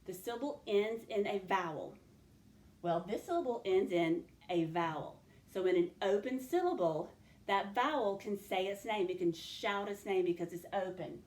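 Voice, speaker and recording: A woman teacher giving a phonics lesson, talking students through each step clearly and addressing them directly. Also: medium pitch, a little mellow. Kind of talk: recorded classroom phonics lesson. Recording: roomy echo.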